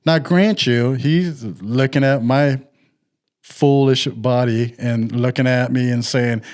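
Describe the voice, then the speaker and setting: A middle-aged man telling a story in casual podcast chat, animated and acting out the people he quotes. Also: mid-range voice, slow.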